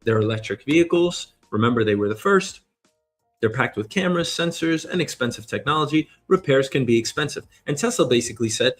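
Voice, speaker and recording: A man hosting a show, giving an energetic motivational monologue, emphatic and casually swearing. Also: mid-range voice, a little fast, faint music behind. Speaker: show host.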